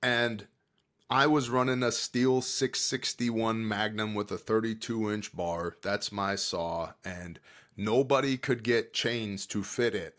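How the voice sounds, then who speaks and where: An American man, a podcast guest who leads disaster relief work, telling stories in a casual chat and acting out what people said. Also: on the low side. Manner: animated storyteller, acts out quotes, swings from loud to hushed.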